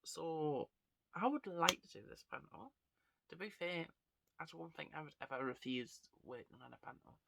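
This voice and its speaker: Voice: mid-range voice, animated, moderate pace, gravelly, fairly bright tone. A vlogger and actor with a stuffy, congested nose, chatting casually and rambling to camera. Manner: rambling, chatty, self-deprecating.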